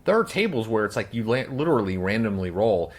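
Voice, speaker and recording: A man's voice: on the low side, very animated, fast. A man co-hosting a casual podcast who explains at length, with lots of "like" fillers. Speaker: podcast co-host and game master.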